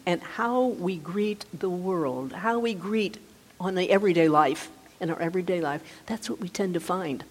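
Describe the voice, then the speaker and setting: A woman meditation teacher giving a gentle, conversational dharma talk, often restarting her sentences. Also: fairly low pitch, lively intonation, measured pace, slightly rough. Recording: reverberant hall.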